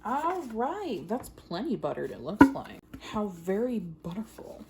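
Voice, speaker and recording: A woman's voice: mid-range voice, sing-song, measured pace, very noisy. A woman vlogger chatting casually while baking in her home kitchen, giggling and cracking puns at herself, recorded on a phone. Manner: giggly, self-mocking, chatty, makes puns.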